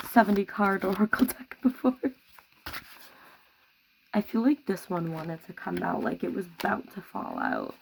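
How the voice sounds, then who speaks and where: A woman giving a tarot reading to camera at home, speaking softly and reassuringly. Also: mid-range voice, creaky, a little hiss or hum, rough recording. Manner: soft-spoken, gentle and reassuring. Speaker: tarot reader.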